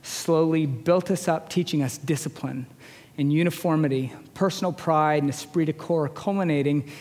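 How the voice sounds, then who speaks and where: A man in his forties with a high voice delivers a storytelling sermon as a chaplain. He talks conversationally and pokes fun at himself. His voice rings through the long reverb of a large hall. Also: normal speed, darkish tone. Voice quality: high-pitched voice. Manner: conversational, self-deprecating humor. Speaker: chaplain preaching.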